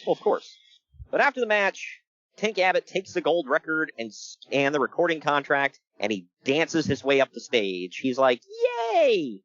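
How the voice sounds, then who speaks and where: A man's voice: on the high side, normal speed, no echo, highs cut off. A man co-hosting a casual podcast, joking and laughing as he recaps a wrestling show. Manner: joking, animated, laughs often. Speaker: podcast co-host.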